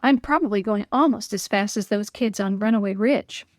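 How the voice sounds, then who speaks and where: A woman's voice: mid-range voice, normal speed, no echo, studio quality, natural voice. A woman reading a children's story aloud, voicing a young boy who cries out when he gets into trouble. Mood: eager. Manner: excited shouts and frightened cries for help. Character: young boy, impulsive and then scared.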